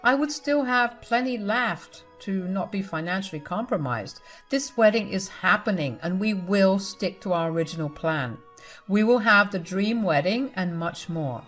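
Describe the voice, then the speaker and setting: Woman reading a sweet reassuring fiancé guy, calm and generous, faint music in the back. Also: medium pitch, lightly acted. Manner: reassuring and gentle. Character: loving, generous young fiancé, a man.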